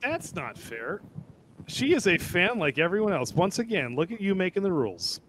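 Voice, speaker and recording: Playful teasing guy on a stream, highish voice, light rumble in the background. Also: huge pitch swings, normal speed, fairly bright tone, low-quality recording. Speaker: co-host. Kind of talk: casual livestream chat.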